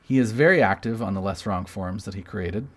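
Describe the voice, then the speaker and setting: Man, low voice, casual podcast co-host, explains and jokes, reads quotes aloud. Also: fairly quick. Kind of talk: casual chat.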